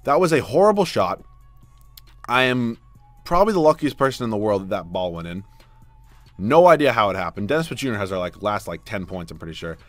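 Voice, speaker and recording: A young man giving live video game commentary, exasperated and swinging from low muttering to loud yelling. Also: expressive, fairly quick, no echo. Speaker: gaming YouTuber. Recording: dry close mic with faint background music.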